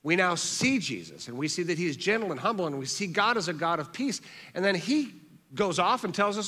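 Earnest preacher in a reverberant hall. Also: male voice, high-pitched, big pitch swings, brisk, slightly rough. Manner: earnest preaching, repeats phrases for emphasis, drops soft on key words. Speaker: pastor. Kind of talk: sermon.

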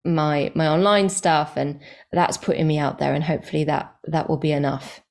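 A chatty woman comedian talking casually as a guest in an interview. Her voice sits fairly low and has a gravelly edge. She often restarts her sentences and fills the pauses. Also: a little mellow, a little hiss or hum. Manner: chatty, self-correcting, many fillers.

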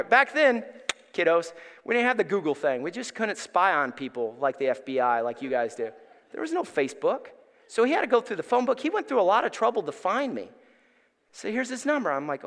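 A middle-aged male pastor telling a personal story in a sermon, animated and acting out the voices in it. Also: high voice, brisk. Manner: animated, acts out voices in his stories. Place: church sanctuary. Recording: reverberant church hall.

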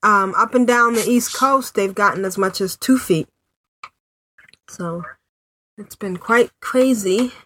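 A woman with a mid-range voice speaks slowly, leaving long pauses, her tone pushed and bright. She hosts a podcast from her home in a New England city, chatting casually with lots of fillers and frequent laughter.

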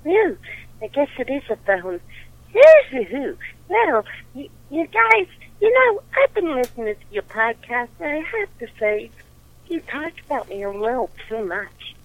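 Brief: bouncy cartoon voice, from a woman caller, high, phone-line sound. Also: very animated, unhurried, full character voice. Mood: excited. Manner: exclamatory, bouncy delivery.

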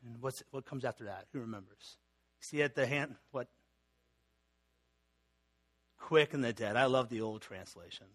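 A man's voice: mid-range voice, moderate pace. A middle-aged man, a pastor, preaching a sermon in a conversational teaching manner, reading scripture and creeds aloud with fillers and restarts.

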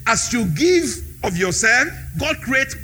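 A man's voice: very high voice, very animated, slow, bright, forceful tone, faint music behind. A man preaching a sermon in a church hall, repeating key phrases with emphasis.

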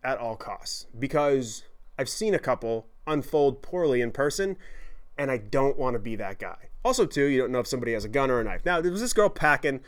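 A man telling a story in a podcast monologue, animated, profane and self-deprecating. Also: medium pitch, brisk. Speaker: podcast host.

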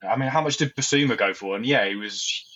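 A man on a football podcast, thinking out loud in rambling turns and correcting himself as he goes. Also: mid-range voice, fast. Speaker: podcast guest. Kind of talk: casual chat. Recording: dull lo-fi sound.

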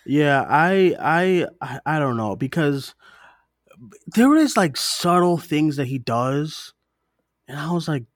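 A man in his twenties co-hosting a podcast, chatting in an animated way with laughs and quick asides. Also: on the high side, no echo, clean studio sound. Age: 20s. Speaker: podcast co-host. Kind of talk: casual chat.

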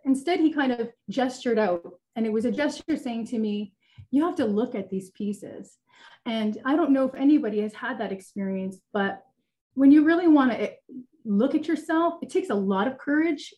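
A woman with a fairly high voice tells her personal faith story on a webinar. She speaks earnestly and candidly, with many fillers, over a video call. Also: a little mellow. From Italian heritage. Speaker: guest sharing her testimony.

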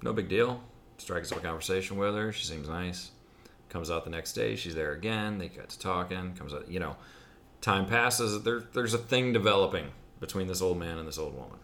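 A man with a fairly low but bright, forward voice, co-hosting a casual podcast. He tells rambling jokes and keeps cracking himself up along the way. Loose, swearing, unpolished chat. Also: normal speed, a little hiss or hum. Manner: laughs through his own jokes, swears. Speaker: podcast co-host. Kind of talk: casual joke-telling chat.

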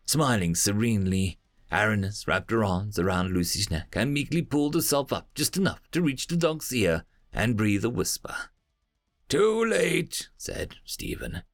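A man narrating a story aloud in a lively, expressive reading. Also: fairly low pitch, moderate pace, no room sound, clean studio sound, soft background music. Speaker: audiobook narrator.

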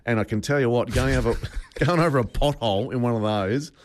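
A man co-hosting a casual podcast chat, talking quickly and chattily, with a nagging cough. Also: mid-range voice, a little hiss or hum. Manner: quick, chatty, laughing along. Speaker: podcast co-host.

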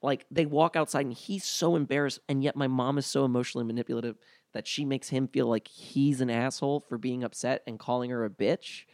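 A man's voice: mid-range voice, steady tone, fairly quick, no echo, clean studio sound. A young man telling a story from his teens in a casual chat, rambling with lots of fillers and restarts. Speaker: guest.

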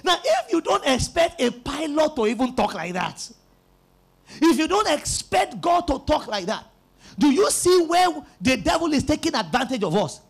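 A man's voice: very high voice, sing-song, normal speed, gravelly. A male pastor preaching an emphatic sermon, calling on the congregation to repeat after him. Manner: emphatic, call-and-response preaching.

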